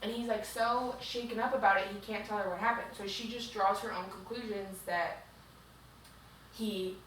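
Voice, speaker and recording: A woman's voice: medium pitch, fairly even intonation, normal speed, a bit bright. A woman co-hosting a podcast, casually recapping a book in a chatty, rambling way full of "like". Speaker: podcast co-host. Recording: very echoey room, distant mic, faint hiss.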